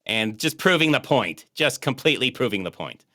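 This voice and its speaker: A man's voice: mid-range voice, big pitch swings, moderate pace, sharp tone, no echo, clean studio sound. A man co-hosting a movie commentary podcast, chatting casually, joking and rambling, often laughing. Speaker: podcast co-host.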